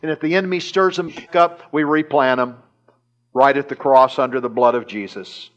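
A man's voice: mid-range voice, moderate pace, dull audio. A man preaching a sermon in church, retelling a scripture story animatedly with chuckles and repeated phrases. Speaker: pastor. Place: church service.

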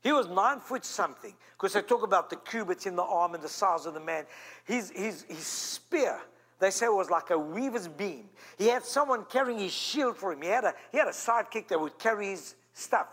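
Pastor role, high-pitched man, emphatic storytelling sermon, lively rises and drops. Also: moderate pace. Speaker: senior pastor. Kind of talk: animated sermon.

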